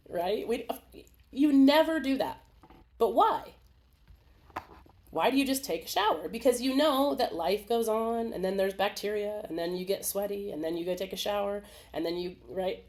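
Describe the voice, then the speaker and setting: A woman hosting a live video webinar in a casual, animated way, laughing often and acting out small voices. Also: mid-range voice, moderate pace. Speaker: webinar host. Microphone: video call.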